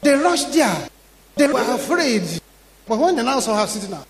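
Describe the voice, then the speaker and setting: Give me a high-voiced Ghanaian preacher man in a reverberant hall. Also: sing-song, normal speed, pauses often, slight background noise. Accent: Ghanaian English. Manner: dramatic storytelling, acts out quoted voices, rising to shouts. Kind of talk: sermon.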